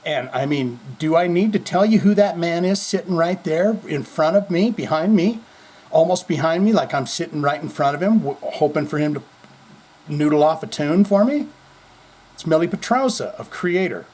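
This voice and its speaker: A man hosts his own heavy metal news podcast from home, his voice on the high side, animated and at normal speed. He rambles and jokes with a lot of swearing, his volume swinging suddenly, while people move things around in the background.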